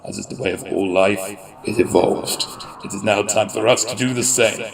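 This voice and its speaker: A man voicing a confident middle-aged supreme leader giving a slow, rallying speech. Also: fairly low pitch, steady tone, gravelly, a crowd in the background, poor audio.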